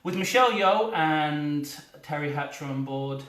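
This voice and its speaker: Male solo comic, offhand hesitant asides, slightly high voice, distant roomy mic. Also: lively intonation, unhurried, a bit bright. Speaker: solo comedy performer. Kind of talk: live-streamed one-man comedy show. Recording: echoey room, distant mic.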